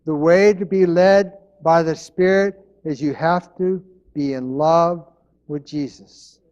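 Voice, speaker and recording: A man's voice: fairly high pitch, fairly even intonation, slow pace, darkish tone, lo-fi sound. A man preaching a sermon as pastor, in an earnest manner, repeating his key phrases.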